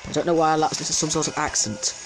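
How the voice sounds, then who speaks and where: A man's voice: on the high side, fast talker, over music. A man giving casual let's-play commentary, chatty and easily distracted, talking back at the game's customers. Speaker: gameplay commentator.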